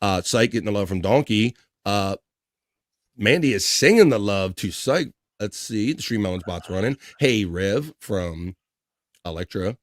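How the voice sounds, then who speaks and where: A man's voice: on the low side, expressive, unhurried, no echo. Middle-aged male stream host, upbeat chatter over viewer messages, dry close mic. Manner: upbeat, chatty, often laughing. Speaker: livestream host. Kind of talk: casual livestream chat reading viewer comments.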